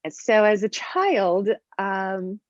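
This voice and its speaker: A woman's voice: medium pitch, slow pace, no room sound. Woman practitioner, chatty storyteller, acts out quotes; dry, muffled lo-fi recording. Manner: animated, acts out quoted voices in stories. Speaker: functional medicine practitioner. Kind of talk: conversational explanation and storytelling. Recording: dry, dull lo-fi sound.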